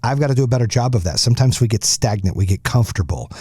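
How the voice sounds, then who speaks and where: A middle-aged male podcast host speaks in a voice of ordinary pitch, blunt and fired-up as he lectures on mindset and business. He swears freely and drives each point home. The sound is dry, with almost no room around it. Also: lively intonation, racing, a little mellow, husky, dry recording. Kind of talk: motivational podcast talk.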